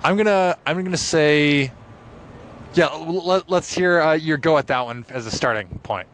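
A man co-hosting a casual podcast chat, playful and halting with fillers. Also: on the high side, fairly bright tone, a little hiss or hum. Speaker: podcast co-host, narrator.

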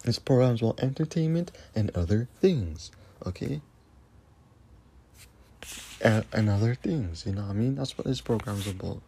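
A man's voice: fairly low pitch, lively intonation, moderate pace, vocal fry, long pauses, mellow, breathy edge. A man hosting a podcast, ranting angrily in a profane, repetitive monologue. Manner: angry, repetitive, cursing. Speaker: podcast host.

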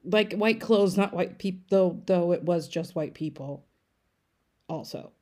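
A woman's voice: on the low side, measured pace, a little mellow. Chatty irreverent woman recapping a film. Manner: irreverent, chatty, swears casually. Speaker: podcast segment recapper. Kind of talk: casual comedic movie recap.

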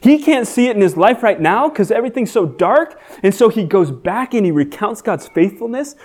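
A man giving a sermon as guest teacher, earnest, rising high and loud for emphasis and dropping soft when reflective. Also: sing-song, normal speed. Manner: frequent fillers and restarts.

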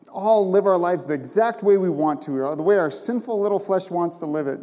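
A man's voice: a little high, dark tone. Emphatic male preacher in a reverberant church. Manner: emphatic, conversational, rhetorical questions. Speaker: pastor. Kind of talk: sermon. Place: church sanctuary.

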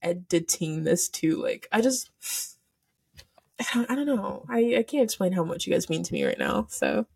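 On her solo podcast, filmed with a camera setup, this teenage girl gets emotional and near tears while she giggles, gushes, and rambles with plenty of fillers. She speaks at a normal speed in a lowish, sing-song voice that's creaky, a little mellow, and slightly rough.

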